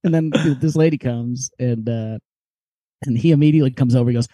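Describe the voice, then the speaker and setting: A man's voice: medium pitch, brisk, no room sound. A young man co-hosting a podcast, telling a long story in casual chat, acting out the people in it and laughing often. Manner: animated storyteller, acts out quoted voices, laughs often. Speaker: podcast co-host.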